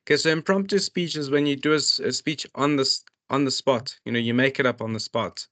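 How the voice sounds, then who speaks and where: Steady in tone yet fairly quick, this man's medium-pitched voice sounds pushed and bright. He takes students through a workbook by voicing each question and then unpacking it, stumbling into frequent restarts and fillers.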